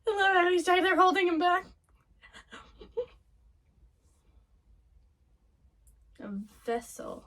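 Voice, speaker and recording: A woman reacting to an anime episode in casual commentary, giggling often and gushing excitedly in broken-off fragments. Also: extremely high pitch, drawn-out words, pauses often.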